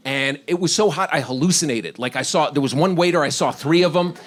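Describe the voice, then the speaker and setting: A man's voice: a little high, brisk. A middle-aged man from Washington, D.C., doing stand-up, rambling through stories and laughing at his own lines. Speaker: stand-up comedian. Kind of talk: stand-up set.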